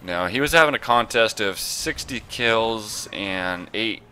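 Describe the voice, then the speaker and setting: A man's voice: lowish voice, expressive, a little slow, bright, forceful tone, a little hiss or hum. A young man rambling through casual game commentary, self-mocking and full of fillers and mild cursing. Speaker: gameplay commentator.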